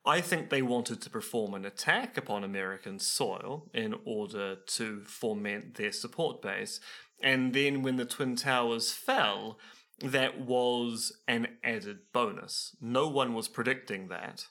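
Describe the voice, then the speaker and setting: A man's voice: mid-range voice, a little slow, bright, forceful tone. A man co-hosting a podcast in casual talk, making wry, dry asides. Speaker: podcast co-host. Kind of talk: casual discussion.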